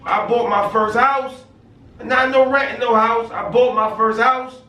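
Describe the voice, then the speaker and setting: A man's voice: extremely high pitch, fairly even intonation, measured pace, pushed and bright. A man telling his own story and urging listeners to better themselves, often adding "you know what I mean". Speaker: guest sharing life story. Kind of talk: casual conversation. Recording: roomy sound from a distant mic with faint noise.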